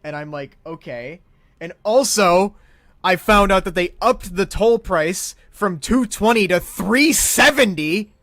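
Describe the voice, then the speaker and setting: A man telling a comic story as a profane, exasperated rant that swings between loud outbursts and muttered asides. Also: sits high, expressive, measured pace, no room sound. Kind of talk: comedic ranting story.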